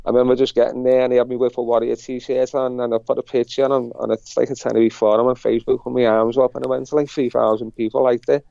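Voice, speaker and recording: A middle-aged man with a Liverpool accent tells a story in a casual interview. His voice is mellow and dark, and he rambles and repeats himself. The recording is dry and a little dull and lo-fi. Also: medium pitch, little pitch movement, quick pace, gravelly, few pauses, dry recording. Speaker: interview guest. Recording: dull lo-fi sound.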